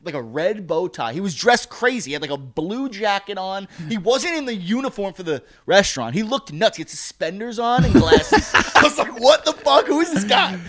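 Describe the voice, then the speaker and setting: A man in casual chat, telling a funny anecdote in a profane, animated way and laughing as he goes. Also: sits high, normal speed, hardly any pauses.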